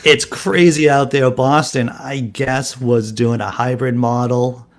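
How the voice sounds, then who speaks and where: A man's voice: medium pitch, steady tone, slow pace. A man co-hosting a casual live-stream chat, telling rambling stories with frequent restarts. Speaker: co-host.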